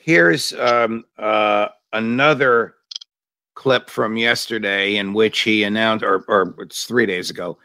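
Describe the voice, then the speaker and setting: A man's voice: lowish voice, slow pace, sharp tone, a little hiss or hum. A man hosting a talk show interview, asking pointed, opinionated questions. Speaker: host.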